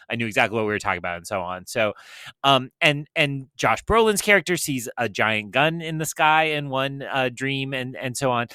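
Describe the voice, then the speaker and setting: A man's voice: mid-range voice, sharp tone, no room sound. A middle-aged man on a film podcast, talking at length in a casual discussion and thinking aloud with many restarts.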